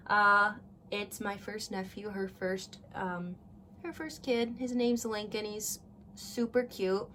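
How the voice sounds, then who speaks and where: A woman's voice: mid-range voice, fairly even intonation, slow, pushed and bright, slight background noise. A woman in her twenties hosting a casual crafting tutorial, chatty and thinking aloud as she works. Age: 20s. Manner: chatty, gushing, talks to viewers as "guys".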